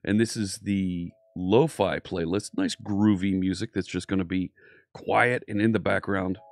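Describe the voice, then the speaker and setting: Upbeat male streamer, lowish voice, dry close mic, chatty teacher greeting viewers. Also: fairly even intonation, unhurried, no room sound. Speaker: live stream coding teacher. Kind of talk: casual live-stream chat.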